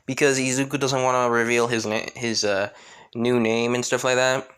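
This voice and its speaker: A man's voice: mid-range voice, little pitch movement, normal speed, a bit bright, clean tone. A young man casually narrating a fan story, rambling with frequent restarts and hesitations.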